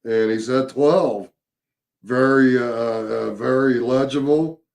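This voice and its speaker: Guy rambling thru a paranormal story, gravelly voice, lots of uhs and repeats. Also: medium pitch, fairly even intonation, a little mellow. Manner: halting, many fillers and repeated words. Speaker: paranormal investigator. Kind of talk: casual storytelling chat.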